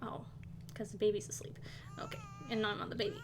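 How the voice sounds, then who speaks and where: A woman's voice: mid-range voice, little pitch movement, fast talker, a little hiss or hum. A woman streaming a game, casually chatting, exasperated and swearing as she scolds the characters. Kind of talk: casual live gameplay chat.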